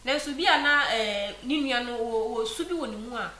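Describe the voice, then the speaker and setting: A Ghanaian woman runs a casual interview, asking probing questions and filling pauses with short acknowledgements. Her voice is somewhat high and bright. The room is echoey, with a faint hiss.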